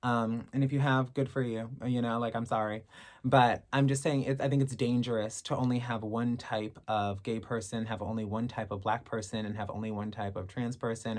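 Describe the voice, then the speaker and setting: A woman's voice: a bass voice, fairly even intonation, moderate pace, darkish tone. A woman in her thirties chatting to camera as she answers fan questions, candid and sassy, swearing freely. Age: 30s. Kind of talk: casual chat to camera.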